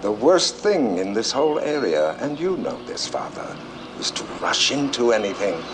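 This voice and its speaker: An actor playing a cautious senior churchman who speaks in a measured, admonishing way, with music behind. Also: mid-range voice, very animated, natural voice. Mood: stern. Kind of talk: film dialogue.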